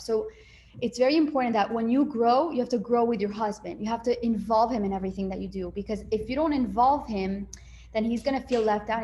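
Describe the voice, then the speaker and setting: A woman's voice: medium pitch, a little mellow, a little hiss or hum. Chatty woman giving relationship advice. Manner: conversational, acts out little dialogues, many fillers. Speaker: relationship coach. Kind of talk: casual advice talk.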